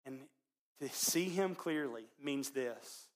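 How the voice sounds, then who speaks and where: Animated pastor telling a sermon story. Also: male voice, medium pitch, slow pace. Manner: animated storyteller, swings between loud and hushed.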